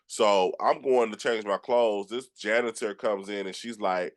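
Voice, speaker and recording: A man from Georgia with a Southern accent, hosting a casual chat and telling animated stories with many restarts. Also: on the low side, normal speed, hardly any pauses. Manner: animated storyteller with frequent restarts, acts out quotes. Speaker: podcast host.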